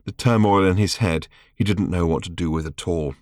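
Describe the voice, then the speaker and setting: A man reading his own book aloud as an audiobook narrator, in a wry, measured storytelling manner. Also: sits low, a little mellow, dry recording, studio quality.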